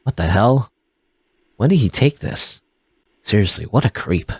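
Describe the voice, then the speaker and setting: A man's voice: fairly low pitch, animated, measured pace, slightly rough, dry recording, full character voice. A man reading the lines of a sarcastic young man held captive, in a dry, mocking tone. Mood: sardonic.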